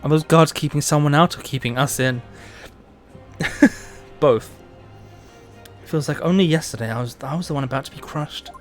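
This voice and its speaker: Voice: mid-range voice, moderate pace, pauses often, faint music behind, voice pushed down, natural voice. A streamer reading the lines of a tense young male lawyer in a game, in an earnest, brooding tone.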